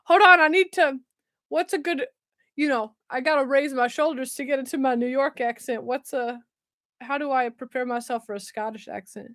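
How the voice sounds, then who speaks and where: A woman's voice: high voice, normal speed, a bit bright, no echo, clean studio sound. A woman hosting a casual livestream. She chats, laughs often and reads viewer comments aloud. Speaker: livestream host. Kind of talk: casual live chat.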